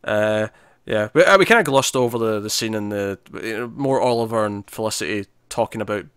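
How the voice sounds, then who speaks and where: Fast-talking chatty male podcaster. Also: fairly low pitch, a bit bright, clear, resonant tone, no echo, clean studio sound. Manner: chatty, laughs often, acts out characters' lines. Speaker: podcast co-host. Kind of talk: casual chat.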